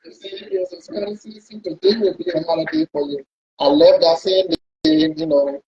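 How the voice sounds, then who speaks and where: A man with a high, husky voice tells his travel story in a loose, conversational way, circling back and repeating himself as he goes. The recording is dull and lo-fi, as if heard through a cheap mic. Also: fairly quick, warm tone. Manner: rambling, repeats words while recounting. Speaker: pilot guest.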